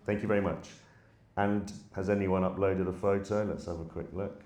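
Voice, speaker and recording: A man's voice: low voice, flat delivery, normal speed, darkish tone. A man presenting a live AI avatar demo on a conference stage, chatty and a little apologetic as he prompts the avatars. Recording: echoey hall.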